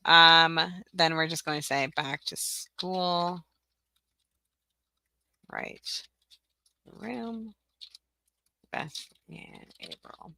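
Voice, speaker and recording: A woman leads a casual tutorial, chatty and a little scattered, trailing off into muttered asides. Her voice sits low with a gravelly edge and a bright, forceful ring. It is recorded dry and close, with no room sound. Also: lively intonation, drawn-out words, long pauses, dry recording. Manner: chatty, scattered, frequent ums and self-corrections, mutters asides. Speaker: teacher-seller running a tutorial livestream. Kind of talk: casual screen-share tutorial.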